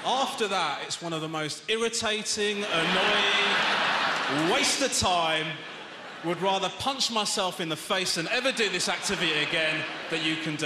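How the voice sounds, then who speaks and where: A British man doing a stand-up routine, exasperated and ranting, his voice rising to shouts. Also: high voice, normal speed. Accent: British English. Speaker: stand-up comedian. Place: large theatre stage with audience laughter. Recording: echoey theatre hall, audience noise.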